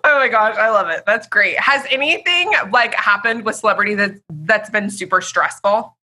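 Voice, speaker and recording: A woman's voice: medium pitch, expressive, moderate pace, pushed and bright, poor audio. A young woman hosting a podcast interview, enthusiastic and gushing in her reactions. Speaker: podcast host. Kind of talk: casual interview.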